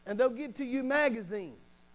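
A man preaching a sermon as pastor, slowing down to punch key phrases and calling for an amen from the congregation. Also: very high-pitched, expressive, rough recording. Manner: emphatic preaching with slowed, punched phrases and call-and-response.

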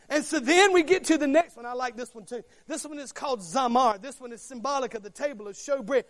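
A man preaching a sermon, emphatic and repetitive, swinging from hushed to shouting. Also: very high voice, quick pace, hardly any pauses. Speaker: pastor.

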